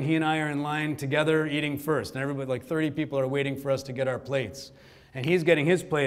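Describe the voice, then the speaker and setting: A man in his forties from Kerala gives a keynote speech at a conference, telling stories to the crowd. His voice sits at a middling pitch. He talks loosely and chattily, full of asides and "you know.". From Kerala, India. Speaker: keynote speaker. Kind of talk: storytelling speech. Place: conference hall before an audience.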